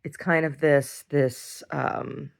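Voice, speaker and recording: A woman's voice: low voice, steady tone, takes it slowly, vocal fry. A woman talking casually in a video diary, rambling and often repeating words and restarting sentences. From United States. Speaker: video diarist.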